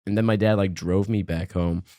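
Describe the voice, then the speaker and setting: A man's voice: low voice, steady tone, fairly quick, mellow, no echo, clean studio sound. A young man hosting a casual comedy podcast, telling a long rambling story full of fillers and laughs. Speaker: podcast host.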